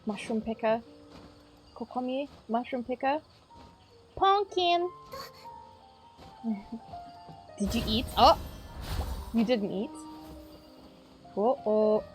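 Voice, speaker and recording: A woman's voice: mid-range voice, a little mellow. A South African woman with a South African accent, livestreaming and chatting casually with her viewers, bubbly and giggly and greeting each chatter by name. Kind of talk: casual chat with stream viewers.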